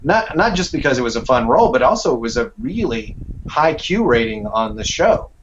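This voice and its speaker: A male voice actor chats in a loose, rambling way, full of ums and restarts. His pitch sits in an ordinary middle range. The audio is a bit muffled, with faint hiss behind him. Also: fairly quick. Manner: relaxed, rambling, with many fillers. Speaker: voice actor guest. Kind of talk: casual interview over a call.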